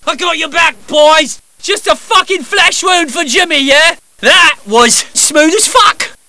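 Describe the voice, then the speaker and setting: A man's voice: extremely high pitch, slow, bright, forceful tone, no echo, full character voice. An actor voicing a brash, foul-mouthed male heist gunman in game voice lines, crude and rallying his crew. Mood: hyped. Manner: crude, swearing, cheering teammates on.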